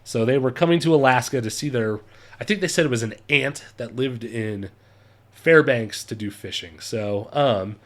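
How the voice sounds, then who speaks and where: A man's voice: medium pitch, moderate pace. A man vlogging a casual travel story, chatty and laughing often as he acts out quotes.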